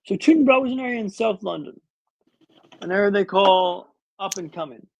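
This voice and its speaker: A man's voice: high voice, a little fast, gravelly, a little mellow, rough recording. A man in his thirties telling a story as a podcast guest, dramatic and wry with comic timing. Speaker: guest speaker.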